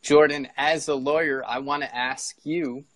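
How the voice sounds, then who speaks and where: A man's voice: on the high side, steady tone, measured pace, a bit bright, dry recording, poor audio. A man hosting a casual conversation who asks his guest a question. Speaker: host. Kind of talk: casual chat.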